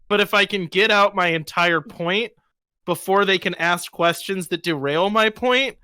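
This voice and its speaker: High, bright-voiced man telling stories. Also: clean tone, no room sound. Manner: animated, storytelling. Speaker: podcast co-host. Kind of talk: casual storytelling.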